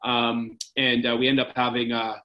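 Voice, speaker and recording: A man's voice: mid-range voice, level tone, moderate pace, muffled recording. A man in his forties from Canada, a former hockey goalie telling stories in a casual interview, rambling with lots of "like" and "right?".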